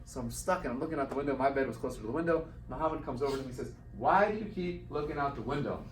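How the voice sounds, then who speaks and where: A guest speaker in his forties tells a personal story to a live audience in an event hall, animatedly acting out the voices of the people in it. His medium-pitched voice is rapid-fire, picked up by a distant mic in a roomy hall with a little hiss or hum.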